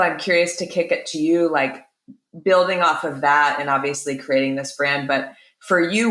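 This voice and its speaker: A woman's voice: deep voice, fairly bright tone. Curious woman host in a roomy space. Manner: curious, affirming. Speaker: podcast host. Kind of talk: interview questions. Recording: roomy echo.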